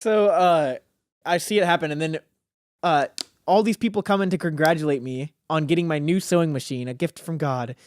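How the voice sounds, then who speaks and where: A man's voice: a little high, normal speed, no room sound, clean studio sound. A teenage man, a podcast guest, telling a rambling story in casual chat with plenty of filler words. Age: teens.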